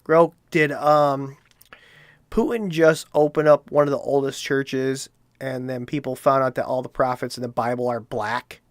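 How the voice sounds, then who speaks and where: A man's voice: mid-range voice, flat delivery, measured pace, no echo. Swearing, incredulous male show host. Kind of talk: profane comedic commentary.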